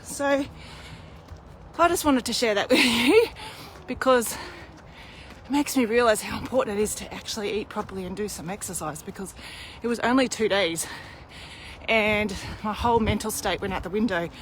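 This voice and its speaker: A woman in her thirties with a medium-pitched voice speaks at normal speed, with a little hiss or hum in the background. Out of breath, she's pushing a pram uphill on a hilly street outdoors, chatting candidly and poking fun at herself in a live video.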